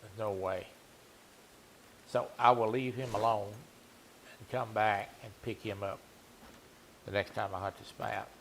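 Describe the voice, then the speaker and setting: A man streams a hunting game, chatting with viewers and teasing them in a laid-back way. His voice is lowish, steady, and a bit bright, his pace a little slow with frequent pauses, against slight background noise.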